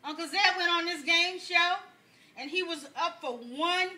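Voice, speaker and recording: A man's voice: very high voice, measured pace, bright, forceful tone, heavily acted. A man playing a chatty older woman pastor, telling folksy jokes to a congregation and laughing along with them. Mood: chatty storytelling. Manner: folksy storytelling, laughs at own jokes, addresses congregation as y'all. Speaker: pastor giving a message. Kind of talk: stand-up comedy sermon.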